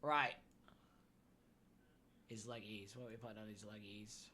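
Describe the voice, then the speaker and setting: A man's voice: fairly low pitch, flat delivery, unhurried, pushed and bright, slight background noise. A young man streaming live, chatting casually and thinking aloud while building a character.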